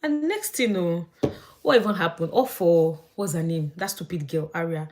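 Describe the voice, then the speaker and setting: A young woman chatting as she does her makeup, gossiping in an animated way. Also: lowish voice, normal speed. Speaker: vlogger. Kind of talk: casual chat while doing makeup.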